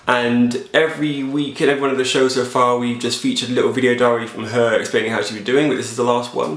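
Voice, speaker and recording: A man hosting a fitness vlog, giving sarcastic and animated commentary on news stories. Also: medium pitch, reverberant. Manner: animated, sarcastic, jumps into silly voices. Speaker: fitness show host.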